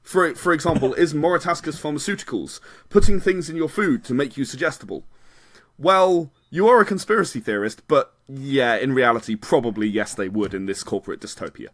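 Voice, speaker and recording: A man's voice: medium pitch, lively intonation, fairly quick, a bit bright, dry recording. A man, a game designer chatting as a podcast guest, rambling and qualifying himself with frequent laughs. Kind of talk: casual podcast interview.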